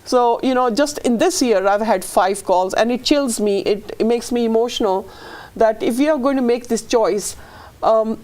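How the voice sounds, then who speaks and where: A middle-aged woman with a highish, darkish-toned voice speaks at a moderate pace. She's a fertility practitioner being interviewed as a guest, and she talks earnestly and emotionally in a conversational way, often restarting her sentences.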